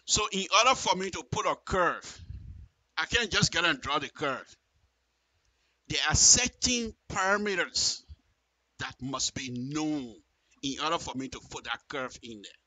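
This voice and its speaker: A man's voice: a little high, pushed and bright, no room sound, rough recording. A man doing live radio commentary, emphatic and repeating phrases as he reads and reacts to a statement.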